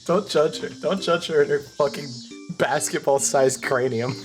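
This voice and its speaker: A man's voice: a little high, moderate pace, faint music behind. A man co-hosting a game playthrough, bantering casually with crude, meandering jokes.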